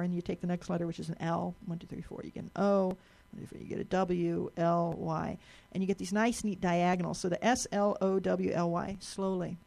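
Speaking live to an audience in a lecture room, a woman explains things in a chatty way, frequently restarting and repeating words. Her voice is on the low side, warm and creaky.

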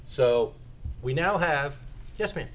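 A man lecturing to a live audience, his pitch swinging widely as he drops in joking asides. A faint hum of room ambience sits under his voice. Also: animated, slow. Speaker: lecturer on sales tax.

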